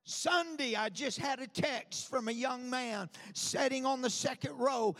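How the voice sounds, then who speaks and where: High, gravelly man preaching in a hall. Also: a little slow, few pauses. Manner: rhythmic, repetitive, builds to shouting. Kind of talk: fiery sermon. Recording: long reverb of a large hall.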